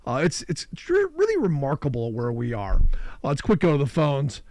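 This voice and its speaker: A man's voice: medium pitch, huge pitch swings, normal speed, darkish tone, no room sound. A man hosting a call-in radio talk show, talking in a loose, opinionated, conversational way.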